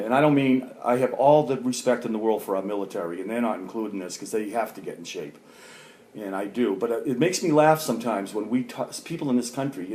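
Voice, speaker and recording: A man's voice: medium pitch, darkish tone. A middle-aged man venting in a rambling, profane vlog rant full of fillers. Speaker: vlogger. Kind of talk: ranting vlog monologue.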